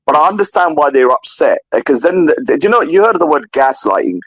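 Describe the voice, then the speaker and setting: A man in casual political chat, animated and repetitive, often acting out others in a higher voice. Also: fast talker, dry recording, poor audio. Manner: animated, repeats himself, mimics others in a higher voice. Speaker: podcast co-host.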